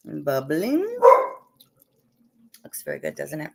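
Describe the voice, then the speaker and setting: A woman's voice: on the low side, very animated, moderate pace, creaky, very noisy. A woman hosting a casual livestream while she cooks at home, chatting with viewers and her dogs and still coughing a little. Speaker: livestream host. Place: home kitchen. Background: dogs barking.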